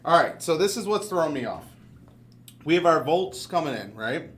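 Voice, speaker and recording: A man's voice: on the high side, sing-song, normal speed, fairly bright tone. A man at a hobby workbench, thinking aloud and swearing freely as he questions how a circuit works. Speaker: hobbyist learning electronics. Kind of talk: casual chat. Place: hackerspace workshop.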